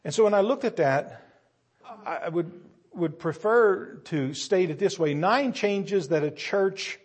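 A man preaching a sermon, acting out a story in different voices and building to loud, emphatic peaks. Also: fairly high pitch, slightly rough.

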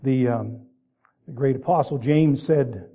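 A man giving a slow, folksy sermon with deliberate, emphatic repetition. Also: mid-range voice, slightly rough. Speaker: preacher. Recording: tinny, phone-like lo-fi recording.

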